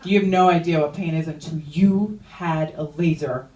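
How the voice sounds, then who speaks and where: Young woman, stand-up comedian, from Iran, animated and crude, roomy club, voice from off-mic. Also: sits low, moderate pace. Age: young adult. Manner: animated, crude, quotes people in exaggerated voices. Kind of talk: stand-up set. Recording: roomy club sound from a distance.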